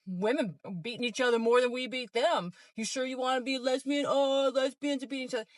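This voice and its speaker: A woman's voice: high voice, steady tone, quick pace, no room sound, close to an everyday voice. A woman mockingly voicing a smug, dismissive man.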